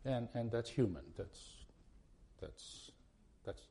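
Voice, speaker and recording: A man's voice: medium pitch, slow pace, creaky, warm tone. A man preaching a sermon to a congregation, earnest and pleading, often restarting his phrases before pressing a point hard. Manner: earnest, repetitive restarts, rising to emphatic pleas.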